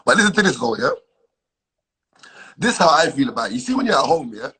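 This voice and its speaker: A man's voice: medium pitch, quick pace, husky, low-quality recording. A man calling into a live stream to argue insistently, tagging his points with "bro.". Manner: insistent, argumentative, lively.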